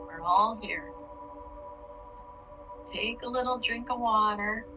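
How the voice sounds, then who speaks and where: Brief: woman podcast host and meditation guide, slow measured delivery, music underneath. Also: a little high. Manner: slow, soothing, instructive. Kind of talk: guided meditation, then casual chat. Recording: music playing behind the voice.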